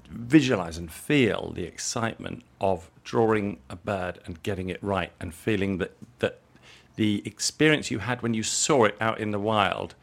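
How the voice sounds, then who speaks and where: A middle-aged man from England, an interview guest who talks in a relaxed, rambling way, repeating words as he thinks aloud. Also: on the low side, creaky. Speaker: interview guest, jewellery designer. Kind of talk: relaxed conversational storytelling.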